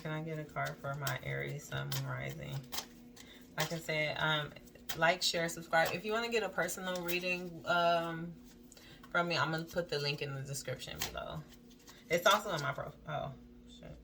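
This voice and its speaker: Low, gravelly, animated, and a little fast, this tarot reader's voice comes with background noise. She reads each card's text aloud and then chats about it in a loose way packed with "like" and "um" asides.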